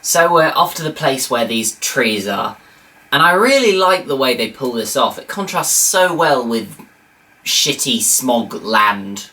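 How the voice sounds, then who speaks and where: Low-voiced woman, sarcastic reviewer. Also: very animated, moderate pace, fairly bright tone. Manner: sarcastic, incredulous asides. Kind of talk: comedic commentary.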